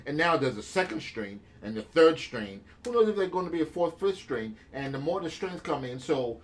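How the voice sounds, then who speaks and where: A man's voice: a little high, very animated, normal speed. A man co-hosting a podcast in casual chat, arguing his points emphatically, step by step. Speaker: podcast co-host.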